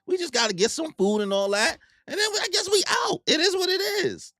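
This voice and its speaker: Man doing a shrill, yelling young pirate captain. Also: very animated, fast talker, dry recording, heavily acted. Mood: shouting. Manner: high, strained shouting. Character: carefree young male pirate captain, rubbery and stubborn.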